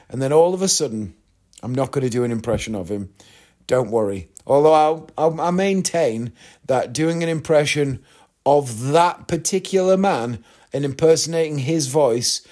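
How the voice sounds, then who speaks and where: A man's voice: medium pitch, a little mellow. A man hosting a podcast, telling a rambling travel story in a chatty way and laughing at his own tale. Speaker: podcast host. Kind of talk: casual storytelling monologue.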